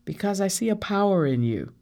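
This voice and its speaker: A storybook narrator voicing a stern older captive woman who speaks in a cold, firm, measured way, over guitar music. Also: mid-range voice, lively intonation, darkish tone, voice pushed up, natural voice. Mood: earnest.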